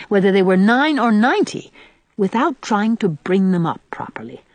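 A woman reading a storybook aloud in an expressive, dramatic way. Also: mid-range voice, no echo. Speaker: audiobook narrator. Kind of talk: storybook narration.

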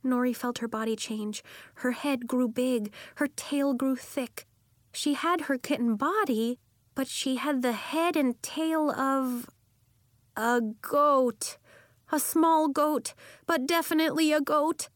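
A woman reading a children's story aloud as narrator, in an expressive, animated way. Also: sits high, slow pace, no echo, studio quality.

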